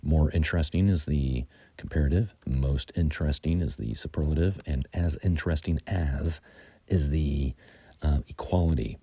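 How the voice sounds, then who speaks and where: A man with an American accent teaching English grammar, explaining slowly and methodically with frequent ums. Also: extremely low pitch, dark tone, husky, no room sound.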